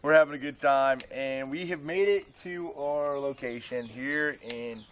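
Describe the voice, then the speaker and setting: A man's voice: mid-range voice, unhurried. Easygoing young man vlogging. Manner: easygoing, rambling, many fillers. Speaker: professional bass angler and vlog host. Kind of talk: casual vlog talk to camera.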